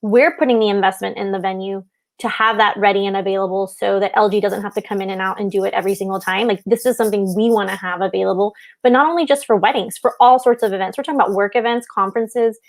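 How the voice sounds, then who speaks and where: A woman co-hosting a casual live stream about wedding planning, talking with passion in quick bursts. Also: mid-range voice, steady tone. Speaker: wedding business co-host.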